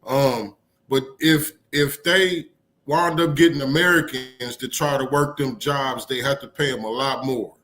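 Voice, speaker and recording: A man's voice: mid-range voice, steady tone, unhurried, pushed and bright. A man co-hosting a casual live-stream chat, laid-back and rambling, with frequent swearing.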